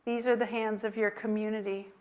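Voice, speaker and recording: A woman's voice: medium pitch, flat delivery, fairly quick, darkish tone. A woman rabbi leading a worship service in a synagogue, speaking tenderly and chanting Hebrew blessings. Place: synagogue sanctuary.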